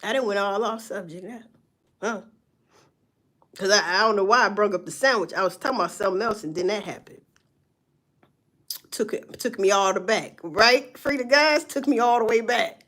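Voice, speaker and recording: A woman's voice: medium pitch, normal speed, long pauses. A woman, ranting casually to viewers, swearing and telling stories with laughs. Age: 40s. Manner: loud, swearing, animated storytelling with laughs.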